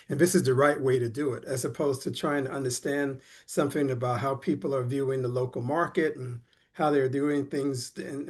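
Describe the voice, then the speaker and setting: A man's voice: mid-range voice, darkish tone. A man in an online group discussion who muses hesitantly, restarting his sentences often. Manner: hesitant, lots of restarts and fillers. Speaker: panel participant.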